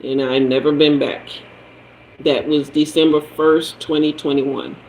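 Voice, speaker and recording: Man hosting a live chat, unhurried and personal, voice sits a bit high. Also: level tone, a little mellow, a little hiss or hum, rough recording. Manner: chatty, personal storytelling, answers viewers by name. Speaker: livestream host, tarot reader. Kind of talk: casual livestream storytelling.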